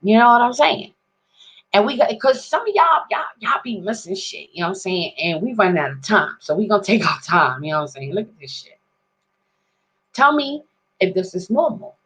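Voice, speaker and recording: A woman's voice: medium pitch, lively intonation, fairly quick, a bit bright, breathy edge, rough recording. Profane rambling woman ranting on a vlog. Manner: rambling, profane, street slang, keeps asking "you understand?". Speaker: vlogger. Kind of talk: casual profane rant to viewers.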